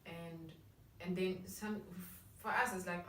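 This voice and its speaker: Cape Town woman, low, echoey distant mic. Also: fairly even intonation, slow pace, fairly bright tone, slight background noise. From Cape Town, South Africa. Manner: chatty and reflective, many restarts. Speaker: vlog co-host. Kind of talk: casual discussion.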